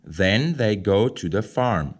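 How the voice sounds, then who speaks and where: A man reading a children's picture book aloud, slow, clear and expressive. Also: fairly low pitch. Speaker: storybook reader.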